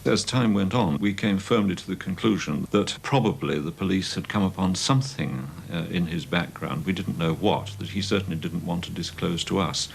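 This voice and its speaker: A man in an archival interview, speaking in a measured, reflective way. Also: low-pitched, vocal fry, a little hiss or hum.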